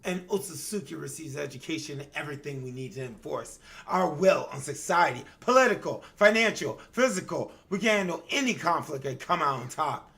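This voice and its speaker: A man's voice: medium pitch, quick pace, creaky, hardly any pauses, close to an everyday voice. A man voicing an arrogant rich young male student who talks in a pompous, sneering, emphatic way. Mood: haughty. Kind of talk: reading game dialogue aloud.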